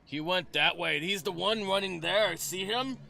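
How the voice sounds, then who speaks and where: A rowdy guard barks out his words in a loud, raised voice that sounds bright and sharp. A man acts him out for a tabletop game. The voice sits higher than an everyday speaking voice. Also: measured pace, vocal fry, full character voice. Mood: eager, shouting. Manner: loud, excited, higher-pitched barking.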